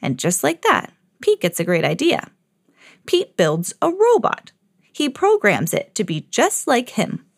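A woman reads a children's picture book aloud in a clear, measured storytelling voice that sits fairly high. The recording is close and dry, with no room sound. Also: huge pitch swings, no room sound. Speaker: children's story podcast host and reader.

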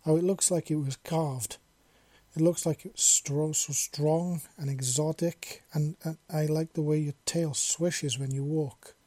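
A man reading a story voices a shy young human man who stammers softly and nervously. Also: a little high, fairly even intonation, unhurried, dry recording. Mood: flustered.

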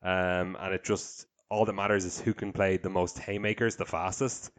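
A man in a casual card-game strategy chat, thinking aloud in a measured way with small hesitations. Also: low voice, flat delivery.

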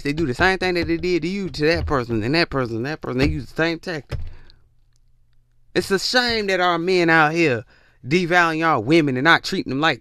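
A man's voice: no echo, studio quality. Blunt, profane man ranting. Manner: blunt, profane, preachy, lively swings in pitch. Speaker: podcast host giving relationship advice. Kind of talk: ranting monologue.

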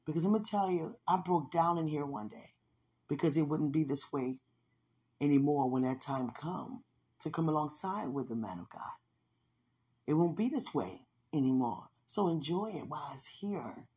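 A woman's voice: low voice, expressive, moderate pace, mellow, breathy edge. A woman hosting a podcast, talking about her faith in a fervent, emotional way and laughing often. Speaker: podcast host. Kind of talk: devotional personal talk.

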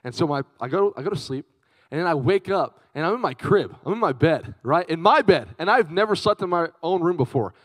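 A young man preaching to a youth group with a fairly high voice, swapping between storytelling and shout-outs to the crowd. His delivery is chatty and lively, and the sound is close and dry with little room echo. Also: fairly quick. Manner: lively, chatty, calls out to the audience. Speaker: youth speaker. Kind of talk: youth sermon with personal storytelling.

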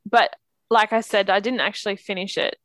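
A woman's voice: mid-range voice, fairly even intonation, fairly quick, fairly bright tone, no room sound. A woman in casual chat about a book, talking with many fillers and restarts. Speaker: podcast co-host discussing books.

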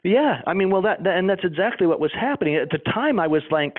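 Earnest halting man on a phone line. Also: high-pitched, expressive, dry recording. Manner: earnest, halting, many restarts. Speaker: interview guest. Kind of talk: emotional personal account.

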